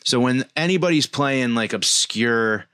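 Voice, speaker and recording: A man's voice: mid-range voice, lively intonation, unhurried, a bit bright, smooth, no room sound, clean studio sound. A man in his forties co-hosting a podcast, telling rambling stories in casual chat with lots of fillers. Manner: rambling storyteller, frequent fillers. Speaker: podcast co-host.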